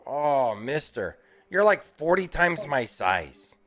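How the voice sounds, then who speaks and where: A man's voice: on the high side, sing-song, slow pace, fairly bright tone, soft background music, exaggerated voice. A man voicing a timid, scrawny young boy who pleads meekly and stammers. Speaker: game master.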